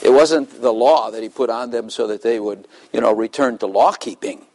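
A man's voice: medium pitch, normal speed, darkish tone, slight background noise, rough recording. An older man preaching a sermon in a loose, conversational way, asking the congregation questions and chuckling between points. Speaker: pastor.

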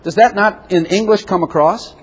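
A man preaching a lively sermon with a slightly high, husky voice. He acts out quick back-and-forth exchanges and jumps up in pitch for the other voices. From Chicago. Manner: animated, acts out little dialogues in raised voice.

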